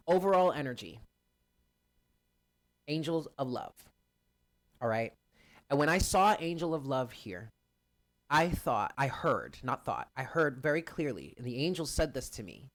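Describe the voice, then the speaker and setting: Guy doing a live card reading, earnest, talks right to the viewers, medium pitch. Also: big pitch swings, measured pace, long pauses. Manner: earnest, addresses viewers directly. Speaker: spiritual card reader.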